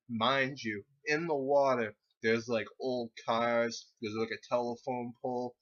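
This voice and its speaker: A man's voice: mid-range voice, fairly even intonation, measured pace, hardly any pauses, a bit bright. A young man casually telling a rambling, profane story from his teens, often laughing through it. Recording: dull lo-fi recording.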